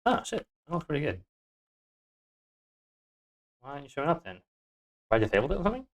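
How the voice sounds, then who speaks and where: A man doing a Scottish accent while live-streaming his game coding, muttering to himself, swearing and breaking into sudden excited outbursts. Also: on the high side, fast. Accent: Scottish (put on).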